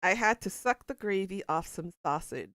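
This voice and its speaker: A woman's voice: medium pitch, animated, moderate pace, fairly bright tone, dry recording, clean studio sound. A woman streamer in casual live-stream chat, playful and bawdy, reading out chat quotes and laughing along. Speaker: game streamer.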